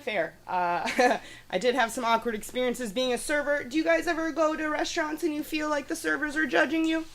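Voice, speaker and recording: A woman's voice: sits high, fairly quick, a bit bright. A young woman doing a stand-up comedy set on a small studio stage, brash and profane, laughing at her own jokes. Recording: live audience clearly audible.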